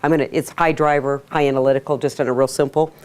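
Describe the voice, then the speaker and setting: A woman teaching a sales workshop to a live audience, energetic, asking the room questions and acting out quotes. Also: rumbling low, fast. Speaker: sales trainer. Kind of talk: workshop lecture.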